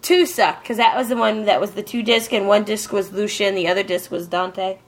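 A woman's voice: mid-range voice, fairly even intonation, brisk. A woman co-hosting a casual chat, emphatic and ranting, swearing freely.

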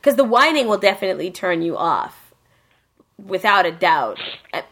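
A young woman co-hosting a casual chat about anime, animated and profane, acting out characters as she recaps. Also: mid-range voice, moderate pace.

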